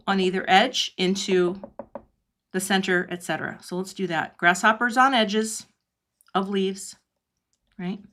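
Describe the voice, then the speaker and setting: A middle-aged woman teaching cardmaking in a live online demo, chatting and laughing often, her voice dropping low when she concentrates. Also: gravelly, fairly bright tone. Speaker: cardmaking instructor. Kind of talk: live online craft demonstration.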